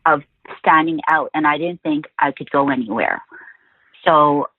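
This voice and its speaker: A woman's voice: deep voice, unhurried, slightly rough, dry recording. A woman journalist from Quebec, a guest on a podcast interview, telling her stories with animation and acting out the voices of the people she met. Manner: animated storyteller, acts out quoted voices. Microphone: phone. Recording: tinny phone line, dry.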